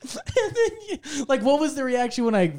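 A man's voice: very high-pitched, big pitch swings, moderate pace, darkish tone. A man, co-hosting a podcast, telling rambling stories full of swearing and laughter. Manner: rambling, laughing mid-story, heavy swearing. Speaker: podcast co-host. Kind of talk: casual storytelling chat. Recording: podcast studio before a live audience.

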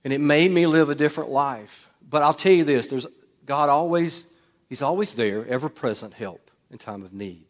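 A man preaching a sermon in a church, swinging between loud bursts and hushed, quiet lines. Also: a little high, moderate pace. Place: church sanctuary. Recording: long hall reverb.

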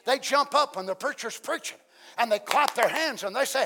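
A man preaching a sermon in a folksy way, asking the congregation many questions and swinging between loud exclamations and soft asides. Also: sits high, animated, a little fast.

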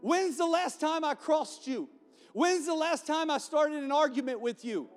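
A man's voice: unhurried, in a large hall, soft background music. A man voicing a cheeky, exasperated male talking donkey in a sermon, speaking in a slangy, indignant way. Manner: slangy, indignant, high squeaky delivery. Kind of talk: preaching.

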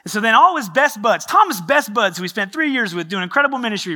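Ein Prediger mit hellem, kraftvollem Ton und eher hoher Männerstimme erzählt lebhaft biblische Geschichten. Er wechselt zwischen Nachdruck und ruhigeren Passagen und spielt dabei die Figuren mit. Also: male voice, high-pitched, fast, hardly any pauses. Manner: animated, storytelling with acted-out quotes. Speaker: pastor. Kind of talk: sermon.

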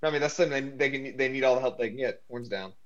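A man's voice: medium pitch, rapid-fire. A young man co-hosting a sports podcast, firing off exasperated comebacks. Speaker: podcast co-host. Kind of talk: casual sports chat. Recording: dull, lo-fi line.

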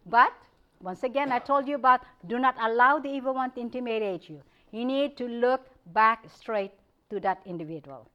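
Animated woman telling lecture stories. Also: on the high side, normal speed, highs cut off. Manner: animated storytelling, frequent laughter. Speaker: guest speaker. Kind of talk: anecdotal public lecture. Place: lecture hall.

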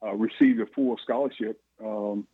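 A man, a former football player telling animated stories in an interview, chuckling often. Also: on the low side, normal speed, slightly rough, no room sound. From Georgia, USA. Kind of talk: storytelling interview. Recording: phone-like line, dry.

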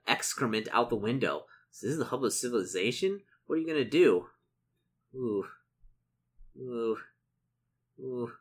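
A man playing a solo tabletop adventure, reading out the rules and shop lists and doing his sums aloud, easily excited. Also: mid-range voice. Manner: excitable, muttering calculations. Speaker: solo tabletop game player. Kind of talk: casual narration of a solo gamebook.

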